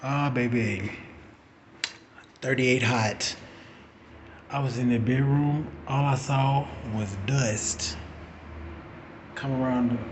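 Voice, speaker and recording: Animated, profane storyteller man in his 40s. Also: medium pitch, slow pace, pauses often, a little hiss or hum. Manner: animated, profane, acting out quotes. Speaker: vlogger. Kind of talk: casual storytelling.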